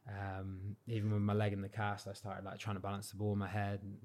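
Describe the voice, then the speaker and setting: Young english guy, lowish voice, laid back interview chat, lots of likes and you knows. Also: a little fast. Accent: English, not Cornish. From Cornwall, England. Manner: relaxed, modest, lots of fillers like "like" and "you know". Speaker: guest, freestyle football champion.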